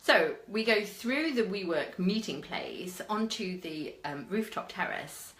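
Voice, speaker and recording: A woman's voice: medium pitch, unhurried, echoey room. A British woman giving chatty marketing advice as a vlog host, telling stories with lots of fillers. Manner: chatty, animated storyteller with frequent fillers. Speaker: marketing coach.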